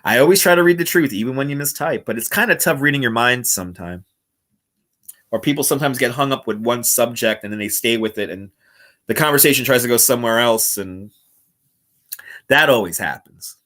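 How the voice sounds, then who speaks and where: A man's voice: mid-range voice, lively intonation, fairly quick, sharp tone. A man chatting playfully on a livestream, reading comments and laughing often. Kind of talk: casual live chat reading comments. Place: indoors at home. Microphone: wireless clip-on mic.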